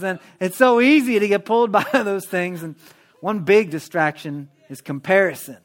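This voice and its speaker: A man preaching a sermon in a church, in a lively, conversational manner that acts out everyday prayers. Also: high voice, moderate pace. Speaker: pastor.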